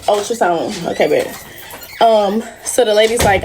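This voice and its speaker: A woman's voice: medium pitch, normal speed, darkish tone, slight background noise. A young woman on a casual livestream, talking emotionally and in a rambling way straight to her viewers. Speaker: livestream host.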